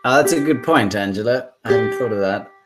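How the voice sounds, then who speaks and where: Over music, a man with a mid-range voice talks a little fast while hosting a laid-back livestream for musicians. His chat rambles, and he reads viewer comments aloud.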